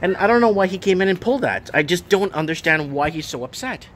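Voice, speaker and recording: A man's voice: high-pitched, lively intonation, fast, a bit bright, a little hiss or hum. A man in his thirties, a vlogger and shop owner, rambling and exasperated as he talks casually in his shop under renovation, repeating himself. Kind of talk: casual vlog rant.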